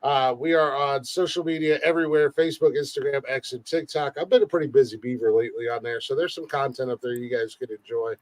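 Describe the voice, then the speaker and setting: A man's voice: medium pitch, steady tone, fast, few pauses, no room sound. A man co-hosting a comedy podcast livestream, chatting casually, rambling and joking with frequent laughs. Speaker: podcast co-host. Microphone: livestream mic.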